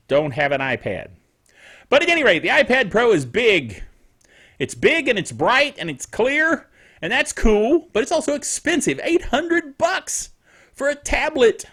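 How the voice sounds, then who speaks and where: A middle-aged man with a fairly bright, somewhat high voice hosts a tech netcast. He rambles chattily through casual tech news commentary, often chuckling at himself.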